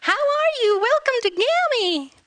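Chirpy, bossy American wife, high and bright, drawn out as a woman puts her on. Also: sing-song, a little slow, heavily acted. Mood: chirpy insistent.

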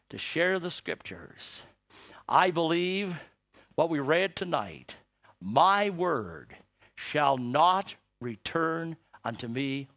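High, lively older man preaching. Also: no room sound. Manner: emotional storytelling, rising to shouted emphasis. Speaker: missionary preacher. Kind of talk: sermon.

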